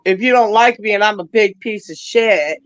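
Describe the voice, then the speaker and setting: A woman's voice: mid-range voice, normal speed, dry recording, lo-fi sound, soft background music. A woman hosting a casual livestream chat, telling brash, profane stories and often breaking into laughter. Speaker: livestream host.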